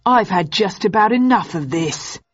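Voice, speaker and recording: A woman's voice: medium pitch, animated, moderate pace, no echo, lightly acted. Woman playing a skeptical male officer, indignant, disbelieving, muffled audio.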